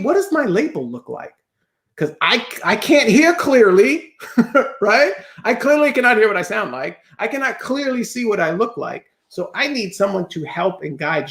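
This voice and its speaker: High-voiced man telling animated stories. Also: echoey room. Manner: animated storyteller who acts out his own past thoughts; fast bursts with rhetorical "right?" check-ins. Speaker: podcast guest, entrepreneur. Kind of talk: casual interview chat.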